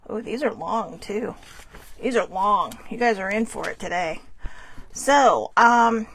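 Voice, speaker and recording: A woman hosting a casual spiritual card reading, chatty and self-correcting, reading passages slowly aloud. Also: mid-range voice, fairly bright tone, no room sound. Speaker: host reading oracle cards.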